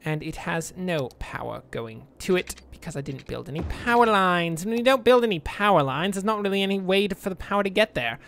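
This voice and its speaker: A man's voice: high-pitched, animated, a little fast, hardly any pauses, fairly bright tone. A man giving casual, rambling commentary over a city-building game, with self-mocking asides. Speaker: let's play gamer.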